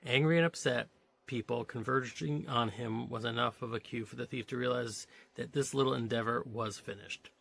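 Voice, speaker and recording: A man's voice: mid-range voice, fairly even intonation, normal speed, creaky, a bit bright, slightly rough. A man reading a novelization aloud, stopping now and then to joke and comment on the story. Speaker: reader of a novelization.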